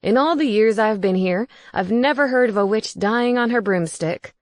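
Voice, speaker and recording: A woman's voice: on the high side, normal speed, darkish tone, no room sound, close to an everyday voice. A woman voicing a bossy, snooping male ghost housemate who teases and gets indignant. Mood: teasing, loud. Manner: teasing, indignant.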